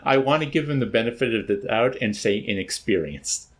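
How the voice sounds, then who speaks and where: A man's voice: mid-range voice, animated, fairly quick. A man reading a novel aloud and then discussing it in a hesitant, thoughtful way.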